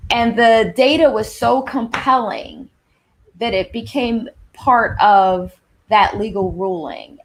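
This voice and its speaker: A woman in her fifties with a Southern accent, giving an animated presentation with emphatic shifts in pace. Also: medium pitch. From Long Island, New York. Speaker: speaker on workplace anti-racism. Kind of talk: presentation to an audience.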